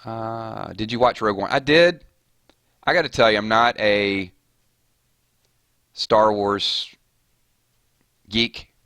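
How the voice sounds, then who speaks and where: A man's voice: fairly low pitch, slow pace, pauses often, fairly bright tone, no echo. A man chatting casually with his viewers while live-streaming a game, rambling off on tangents. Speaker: gaming streamer.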